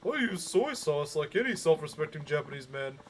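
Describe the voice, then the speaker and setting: A man's voice: on the high side, sing-song, brisk, slight background noise. A man voicing an earnest young man complaining in a letter to a radio show. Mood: aggrieved.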